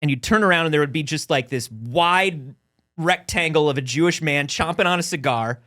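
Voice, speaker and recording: A man with a fairly high pitch, speaking at a normal speed, co-hosts a casual talk show. He tells a long, funny story and animatedly acts out the voices of everyone in it.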